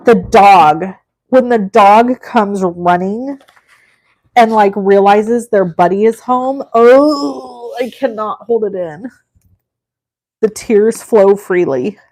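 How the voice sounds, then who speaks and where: Middle-aged lady doing a live craft stream, super chatty and gushy with her viewers, normal mid pitch. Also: expressive, slow pace, a little mellow. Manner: gushing, effusive and chatty, talking to the chat. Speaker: crafting livestream host.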